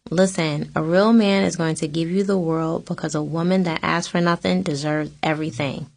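A woman voicing a middle-aged aunt who teases and hands out life lessons in an animated way. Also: low voice, moderate pace, gravelly. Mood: preachy. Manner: animated, teasing, preachy.

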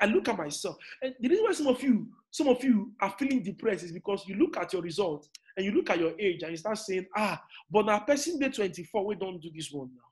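A Nigerian man in his thirties delivers a motivational talk indoors. His voice sits high for a man, and he repeats his points, sinking to near-quiet before bursting into shouts. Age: 30s. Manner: emphatic, repetitive, swings from quiet to shouting. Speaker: motivational speaker. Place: indoors in an air-conditioned room.

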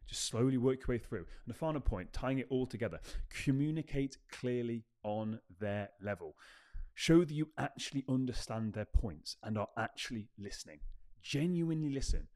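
A podcast host gives a motivational self-help talk, speaking emphatically and repeating his key phrases for effect. His voice is mid-range and a little mellow.

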